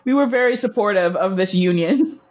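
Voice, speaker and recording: A woman's voice: mid-range voice, animated, normal speed, darkish tone. Playful laughing woman co-host. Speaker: podcast co-host. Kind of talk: casual TV recap chat.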